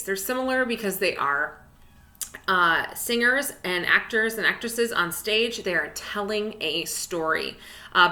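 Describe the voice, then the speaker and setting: Bright, encouraging woman music teacher. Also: mid-range voice. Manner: chatty and encouraging, many fillers. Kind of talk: online music lesson. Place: indoors at a desk.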